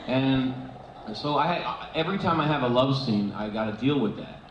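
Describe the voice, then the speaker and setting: A man's voice: mid-range voice, normal speed. Man telling stories in an echoey hall. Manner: animated, laughing storyteller with many restarts. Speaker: convention panel guest. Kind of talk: casual stage Q&A storytelling. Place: convention hall stage. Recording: echoey hall, dull, noisy fan recording.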